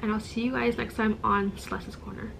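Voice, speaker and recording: A woman vlogger talking straight to camera in a casual storytime. Her voice sits a little high, and her telling is animated and exasperated. She demonstrates with props as she explains. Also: fairly quick, gravelly, noisy background. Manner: demonstrates with objects while talking.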